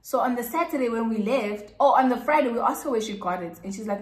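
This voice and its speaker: A woman's voice: fairly high pitch, quick pace. A South African woman telling a casual storytime to her viewers, chatty and repeating words for emphasis. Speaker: YouTuber. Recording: echoey room.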